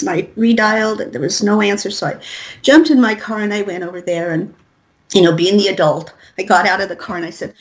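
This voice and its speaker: Middle-aged woman, storytelling guest, lively, acts out all the quotes in her story. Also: medium pitch, brisk, rough recording. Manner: animated storyteller acting out quotes. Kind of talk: storytelling interview.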